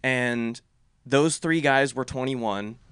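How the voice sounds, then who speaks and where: A man's voice: mid-range voice, slow, a bit bright, smooth, no room sound, clean studio sound. A man in his twenties telling a rowdy party story in casual chat, swearing a lot, laughing as he goes and acting out what people said. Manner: swears a lot, laughs while telling stories, acts out quotes.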